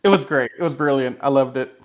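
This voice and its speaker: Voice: medium pitch, fast, dull audio. A co-host in a casual podcast chat, trading playful, emphatic quips.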